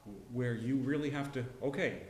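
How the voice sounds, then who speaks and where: A middle-aged man teaching a casual Bible class, folksy and rambling, with frequent restarts and throat clearing. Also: mid-range voice, moderate pace, darkish tone, echoey room, a little hiss or hum. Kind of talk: casual Bible lesson with personal story. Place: church classroom.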